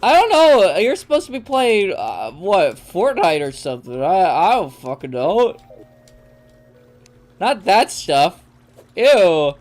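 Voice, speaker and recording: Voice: medium pitch, big pitch swings, slow pace, a little mellow, faint music behind. A young adult streamer in casual, joking banter with friends during a live game session, laughing often and swearing freely. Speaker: gaming streamer.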